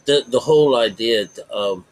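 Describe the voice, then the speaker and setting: A self-taught Bible teacher, a man with a medium-pitched, slightly mellow voice, speaks at a moderate pace on a rough recording. He rambles through his lesson, circling back to repeat points and stressing key words heavily.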